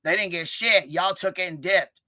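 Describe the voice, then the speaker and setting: A woman hosting a live stream, ranting and calling people out in a combative, profanity-heavy way, with a notably low, bass-heavy voice. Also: moderate pace, bright, forceful tone. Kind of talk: live-stream commentary rant.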